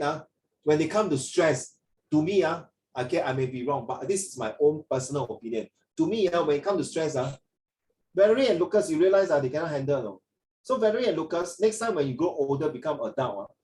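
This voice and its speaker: A man's voice: a little high, warm tone, roomy sound, recorded from a distance, slight background noise, rough recording. A man with a Singaporean English accent tutoring children in an online English lesson, rambling with many fillers and restarts. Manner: rambling, frequent fillers and restarts, mixes in Mandarin.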